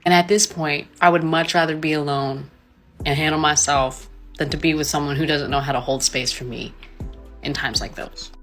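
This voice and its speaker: A woman's voice: low voice, fairly even intonation, moderate pace, a bit bright, soft background music. A woman in her twenties speaking reflectively and vulnerably in a confessional video monologue. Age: 20s.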